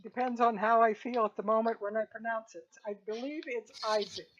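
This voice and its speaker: A woman's voice: on the high side, steady tone, brisk. A woman running a tabletop role-playing game as game master, recapping in a matter-of-fact way. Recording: dull lo-fi sound.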